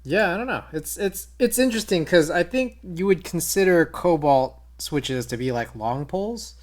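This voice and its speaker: A man's voice: fairly high pitch, lively intonation, moderate pace. A man streaming live, chatting casually with viewers while typing on a keyboard he built. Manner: laid-back, talks to chat while typing.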